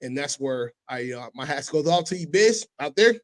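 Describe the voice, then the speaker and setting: A man hosting a casual podcast, telling stories with animated delivery and sudden loud impressions. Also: a little high, normal speed, heavy background noise. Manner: animated storytelling, breaks into loud shouted impressions. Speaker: podcast host.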